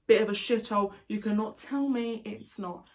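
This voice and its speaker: A woman's voice: medium pitch, normal speed, darkish tone. A British woman chatting casually to camera, rambling and jokey, going off on tangents. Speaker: YouTuber. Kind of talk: casual vlog chat.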